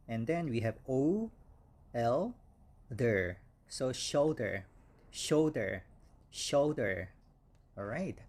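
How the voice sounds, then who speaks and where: Slow-paced male English teacher. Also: medium pitch. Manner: slow, repeats each word several times. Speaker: English instructor. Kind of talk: slow vocabulary lesson.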